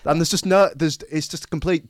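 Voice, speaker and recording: A man co-hosting a casual film podcast, rambling with many restarts and quick laughs. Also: fairly high pitch, steady tone, no room sound, studio quality. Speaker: podcast co-host.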